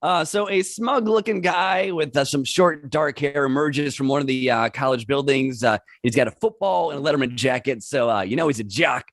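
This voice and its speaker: A man hosting a podcast, casually recapping a horror movie in a halting, rambling way. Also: mid-range voice, dry recording, studio quality. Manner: rambling, halting with fillers and restarts. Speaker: podcast host recapping a film.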